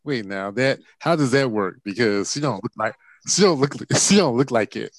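A man in a casual movie review chat who talks haltingly and restarts his sentences often. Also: medium pitch, animated, no room sound.

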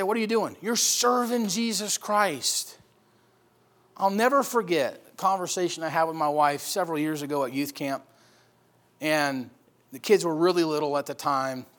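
Man, pastor, sermon, high-pitched, emphatic, loud and soft swings. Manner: emphatic preaching, swinging between loud and quiet.

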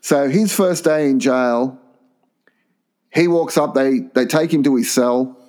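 A man's voice: mid-range voice, takes it slowly. A man co-hosting a casual podcast, telling crude stories and laughing often. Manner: animated yarn-spinning, crude, laughs often. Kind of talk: casual chat, storytelling.

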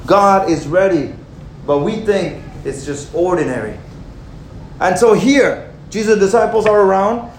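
Brief: high-pitched young male pastor, lively and joking, echoey church hall. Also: measured pace, a little hiss or hum. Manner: animated, conversational, joking. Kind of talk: sermon. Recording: roomy hall with faint ambience.

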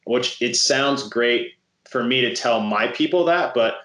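A man's voice: medium pitch, measured pace, fairly bright tone. A man coaching on a podcast, hesitant and full of restarts. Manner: hesitant, lots of ums and restarts. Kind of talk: casual podcast chat. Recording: echoey room.

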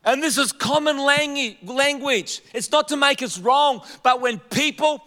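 High, bright-voiced preacher in a reverberant hall. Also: male voice, a little slow. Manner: conversational preaching with humor and repeated fillers. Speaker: pastor and denominational leader. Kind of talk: sermon.

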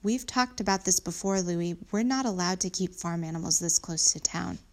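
A woman voicing a calm, patient father who explains things in a storybook reading. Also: fairly low pitch, moderate pace, natural voice.

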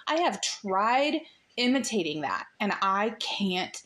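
A woman's voice: medium pitch, sing-song, slow, fairly bright tone. American lady podcast host, bubbly and giggly, chatty. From United States. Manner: bubbly, laughs often, gushing. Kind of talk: casual interview chat.

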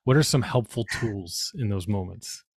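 A man's voice: on the low side, moderate pace, slightly rough, no echo, clean studio sound. A man in his forties hosting a podcast, affirming his guest with frequent yeses and sharing stories as a parent. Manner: affirming, lots of yes and yeah. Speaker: podcast host. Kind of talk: casual interview conversation.

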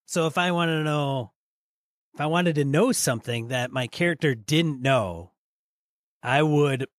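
A man's voice: on the high side, fairly bright tone, dry recording, studio quality. Midwestern guy cohosting a podcast, easygoing, agrees a lot. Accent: Midwestern American. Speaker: podcast co-host and player. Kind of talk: casual podcast chat.

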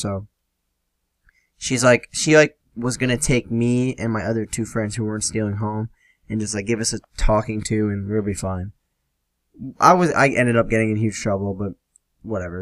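A man's voice: medium pitch, dry recording. A young man hosting a podcast, telling a long story in a rambling, casual way, full of "like" fillers and swearing. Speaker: podcast host.

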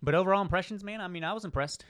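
A man co-hosting a casual comic book chat, animated and swearing casually, acting out lines as he talks. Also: sits high, rapid-fire, dry recording, studio quality. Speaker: comic book podcast co-host.

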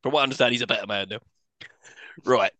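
A man's voice: medium pitch, fast talker, pushed and bright, no echo. A man co-hosting a casual film-review podcast, recapping the plot with laughing asides. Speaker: podcast co-host.

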